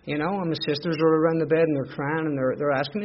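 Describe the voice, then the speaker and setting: A middle-aged man with a Belfast accent tells his own story as candid, emotional testimony, circling back on phrases. His voice sits slightly high for a man. The recording is dull and lo-fi, with a faint hiss underneath. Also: quick pace. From Northern Ireland. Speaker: speaker sharing his recovery story. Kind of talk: personal testimony.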